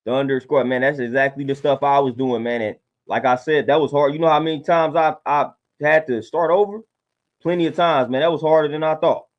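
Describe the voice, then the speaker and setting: A man's voice: fairly high pitch, fairly quick, dull audio. A man talking casually on a livestream, laid-back and preachy, often repeating his points. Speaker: livestream host.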